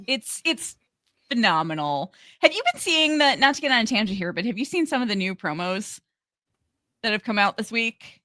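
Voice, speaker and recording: A woman co-hosts a chatty podcast, breaking into giggles and restarting her sentences as she goes. Her voice is bright and ringing, and the recording is dry and close. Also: on the high side, big pitch swings, no echo. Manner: giggly, halting, many restarts. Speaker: podcast co-host. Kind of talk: casual podcast chat.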